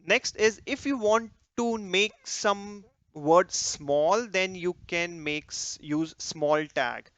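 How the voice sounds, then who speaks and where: A man teaching a coding tutorial over a screen recording, talking while he types and trailing off quietly as he edits, with small restarts and slips. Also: high-pitched, takes it slowly, few pauses, clean tone, no echo. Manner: talks while typing, trails off softly during edits. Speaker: coding instructor.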